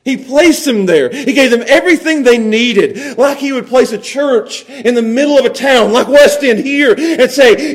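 A man with a very high voice preaches a lively sermon from the pulpit. He presses his points hard, chuckles between phrases and doubles back on his words as he builds. The sound carries the feel of a church service. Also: moderate pace, hardly any pauses. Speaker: pastor.

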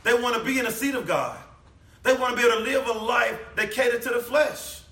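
A man preaching a sermon in a church hall, emphatic, swinging between loud declamation and low quiet passages. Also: fairly quick, recorded from a distance. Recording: echoey room, voice from off the mic.

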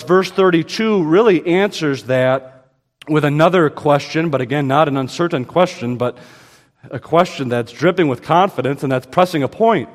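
A man preaching a sermon as pastor, emphatic, with sudden rises in pitch and slow, stressed quotations. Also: expressive, big-room sound.

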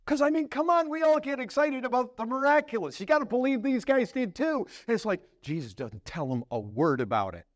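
A male pastor preaching a sermon, asking rhetorical questions and building to emphatic, lively delivery. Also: on the high side, dry recording, clean studio sound.

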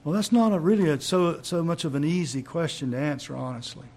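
A man's voice: on the high side, expressive, fairly quick, a little mellow, a little hiss or hum. A man preaching a sermon, teaching in an emphatic way and asking rhetorical questions.

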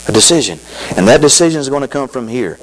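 A man preaching a sermon as pastor, folksy and emphatic, often repeating phrases and swinging between loud and quiet. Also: medium pitch, expressive, quick pace, rough recording.

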